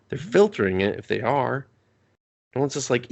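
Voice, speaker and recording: A man's voice: mid-range voice, very animated, creaky, dull audio. A man co-hosting a movie review podcast, recapping a film with mocking sarcasm and constant swearing. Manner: mocking, swears often, acts out characters in quick voices.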